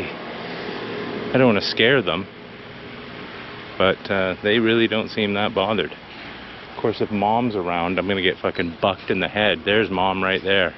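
A man from British Columbia talking to his camera while walking outdoors, blunt, excitable and full of swearing. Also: sits low, measured pace, long pauses, dull audio, slight background noise. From British Columbia, Canada. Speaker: vlogger. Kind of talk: casual walking vlog. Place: outdoors by a city beach.

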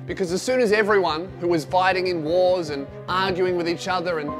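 A young Australian man doing sarcastic comedic commentary, swearing and animated. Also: high voice, brisk, over music. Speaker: comedian, host.

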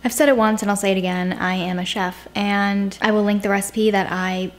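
A woman's voice: mid-range voice, steady tone, brisk, echoey room. A young adult woman hosting a casual home cooking vlog, sarcastic and self-mocking as she talks through the recipe. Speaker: cooking vlogger. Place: home kitchen.

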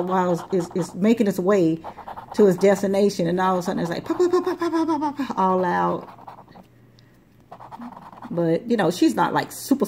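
A woman's warm, mid-range voice comes through slight background noise as she hosts a lottery scratch-off video. Her casual chat while scratching tickets is rambling and repetitive.

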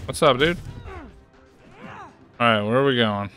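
A man giving casual gameplay commentary, excitable, playful and chatty. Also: medium pitch, unhurried, smooth, faint music behind. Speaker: gaming streamer.

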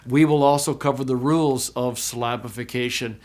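A man teaching a recorded class, explaining step by step, often checking in with "okay?", and slowing way down to model pronunciations. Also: medium pitch, fairly even intonation, a little mellow. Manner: slow, drawn-out demonstration of pronunciations. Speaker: Greek teacher.

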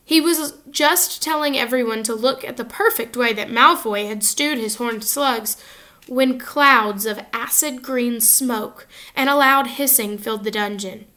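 A woman narrating a children's novel aloud in an expressive, lively reading style. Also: on the high side, unhurried. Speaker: audiobook reader. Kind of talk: storybook narration.

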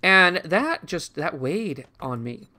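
A man's voice: on the high side, very animated, takes it slowly, pushed and bright. A man telling a rambling, reflective childhood story in casual conversation while commenting on a video game he is playing. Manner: rambling and reflective, with frequent restarts and asides to the game. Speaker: gaming channel host.

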